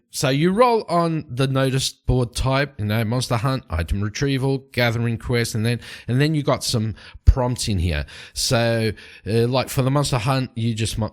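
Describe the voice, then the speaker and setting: A young man casually narrating his solo tabletop game, rambling with fillers and restarts. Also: medium pitch.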